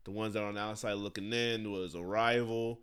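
A man's voice: lowish voice, fairly even intonation, brisk, fairly bright tone, clean tone. Laid-back man hosting a movie chat. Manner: laid-back, laughs often, reads nominee lists. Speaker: podcast host. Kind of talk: casual chat.

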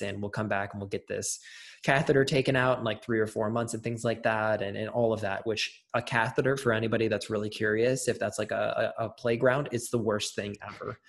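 A man's voice: on the low side, gravelly. A young adult man, an interview guest, telling a personal story in casual conversation, with many fillers and restarts.

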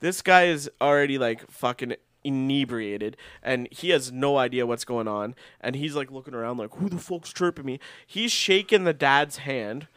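A man's voice: mid-range voice, lively intonation, normal speed, hardly any pauses, fairly bright tone, smooth, no echo. A young man, co-hosting a casual podcast chat, telling rambling stories, swearing freely and laughing often. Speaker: podcast co-host. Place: indoors, shared house.

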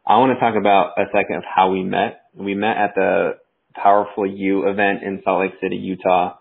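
A man's voice: sits low, little pitch movement, brisk, vocal fry, husky. A man hosting a podcast, laid-back and casual, calling his guest "dude". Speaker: podcast host. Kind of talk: casual interview chat. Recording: tinny phone-like line.

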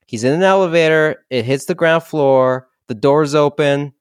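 With animated storytelling, a man co-hosting a comedy podcast retells movie scenes in casual, comedic chat. His voice is a little high, clear, and resonant, moving at a moderate pace. The recording is clean studio sound with no room tone.

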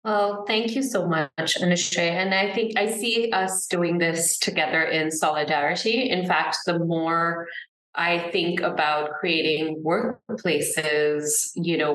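A woman with an American accent speaks as a guest on a video call, earnest and animated, her voice sitting on the low side. She often restarts mid-sentence as she works through a thought. The sound is roomy and echoey. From Singapore. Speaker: author, guest. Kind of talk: conversational interview.

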